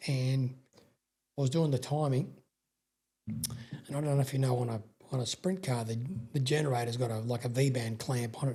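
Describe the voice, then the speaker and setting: A man's voice: medium pitch, warm tone, breathy edge. A middle-aged Australian man telling rambling stories as a podcast guest, swearing freely and often restarting his sentences. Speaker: guest, sprintcar racing veteran. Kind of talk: casual storytelling interview.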